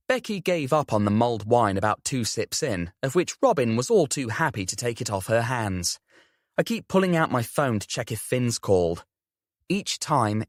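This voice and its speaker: A young man narrating a first-person audiobook with expressive storytelling. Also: mid-range voice, no room sound, clean studio sound. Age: young adult.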